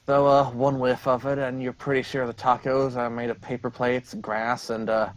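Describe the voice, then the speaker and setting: A man's voice: medium pitch, dull audio. Easygoing man narrating a tabletop game. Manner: relaxed, with frequent "uh" pauses. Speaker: game master.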